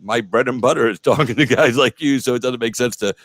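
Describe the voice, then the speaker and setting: A man's voice: medium pitch, brisk, dry recording. A middle-aged man hosting a casual interview show over a video call, talking in long rambling stretches full of fillers and swearing. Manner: rambling, profane, lots of fillers.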